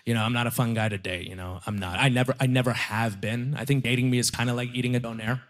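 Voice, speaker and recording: A young man performing a stand-up comedy set, telling self-deprecating stories in a conversational way with pauses for punchlines. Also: mid-range voice, fairly even intonation. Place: comedy club stage with audience.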